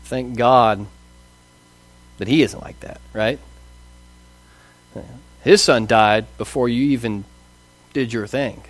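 A man's voice: medium pitch, slow, pauses often, dry recording, soft background music. A man in his thirties preaching a conversational sermon, asking rhetorical questions and acting out voices. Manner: casual, asks rhetorical questions, acts out quoted voices. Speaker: pastor.

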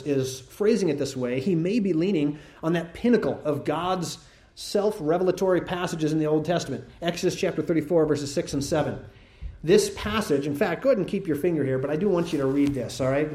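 A man delivering an expository sermon in a church sanctuary, teaching earnestly and checking in with "right?" as he goes. His voice sits a little high for a man yet sounds mellow and warm. The room around him is noticeably echoey. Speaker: pastor.

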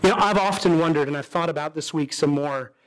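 A man's voice: fast, background noise. A man preaching a sermon as pastor, telling a story dramatically with sudden rises and drops in his voice. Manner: dramatic storytelling preacher, voicing characters with pitch swings.

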